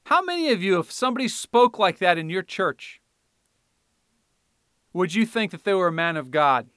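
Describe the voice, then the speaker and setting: High bright-voiced guy preaching hard, gets loud and fiery on the scripture bits, dry close sound. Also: big pitch swings, normal speed, smooth, no room sound. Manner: fiery, rising to loud declamation when reading scripture. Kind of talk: sermon.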